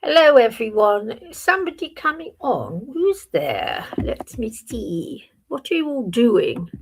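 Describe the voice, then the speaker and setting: Older woman, stream host, high and gravelly, chatty self-talk. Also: big pitch swings, measured pace. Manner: chatty, rambling, talks to herself. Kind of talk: casual live-stream chat.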